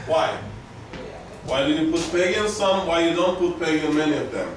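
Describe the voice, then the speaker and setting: A man teaching a language class, explaining slowly and patiently and repeating his words. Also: on the high side, animated, noisy background. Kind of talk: classroom lesson. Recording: very echoey room, mic far off.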